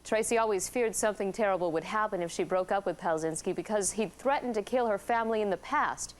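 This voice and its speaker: A woman news reporter delivering a formal, measured TV news report. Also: mid-range voice.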